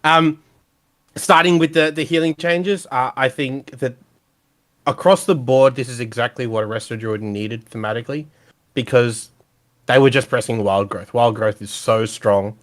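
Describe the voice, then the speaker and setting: Man, podcast guest, middle pitch, upbeat, analytical. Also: fairly even intonation, normal speed. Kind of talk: casual podcast chat.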